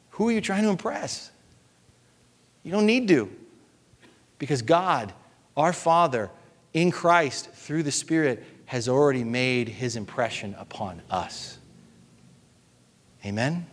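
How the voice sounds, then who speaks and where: A man preaching a sermon as pastor, passionate and repetitive, swinging between loud appeals and hushed, soft passages. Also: fairly high pitch, moderate pace, long reverb tail. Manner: impassioned, repetitive preaching with rising and falling intensity.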